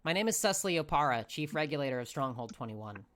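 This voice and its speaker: A man's voice: medium pitch, animated, fast talker, a bit bright, close to an everyday voice. A man voicing a stern female troll regulator in a blunt, commanding tone, close to his own voice.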